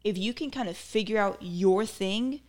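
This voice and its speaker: A woman's voice: mid-range voice, moderate pace, darkish tone. A woman podcast host breaking down a comedy routine in casual, opinionated commentary that turns into rants, with lots of "like" and "um.". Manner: opinionated, ranting, filler-heavy.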